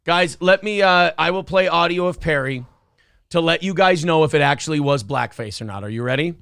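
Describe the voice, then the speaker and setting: A man's voice: on the high side, fairly quick, vocal fry, fairly bright tone, clean tone, no room sound, studio quality. A slightly drunk man hosting a casual live stream, rambling and fumbling with lots of fillers. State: a little drunk. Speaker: podcast host.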